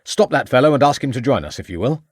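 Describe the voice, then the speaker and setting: A brisk, determined Victorian police inspector, read by a man. He questions in formal, pressing sentences with a lively, rising voice, recorded dry and close. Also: medium pitch, slightly rough, no echo, voice pushed up. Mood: urgent.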